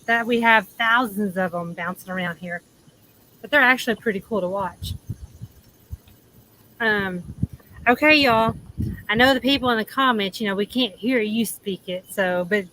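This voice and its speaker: A woman's voice: mid-range voice, normal speed, pauses often, bright, forceful tone, a little hiss or hum, poor audio. A woman with a Southern accent hosting a casual livestream chat from outdoors, chatty and laughing, trailing off with ums. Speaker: livestream host. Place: outdoors in the shade under an awning.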